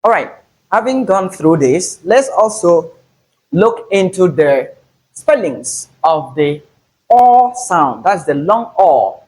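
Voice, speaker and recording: A man teaching English pronunciation, slowly and deliberately stressing each example word. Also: high-pitched, sing-song, a little mellow, slightly rough, low-quality recording. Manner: slow, deliberate, repeats example words with stress. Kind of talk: phonetics lesson.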